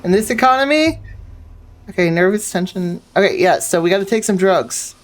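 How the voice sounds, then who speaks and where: A woman streaming a game, giving casual let's-play commentary. She is excitable, swears freely, and reads the game's dialogue aloud. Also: mid-range voice, moderate pace.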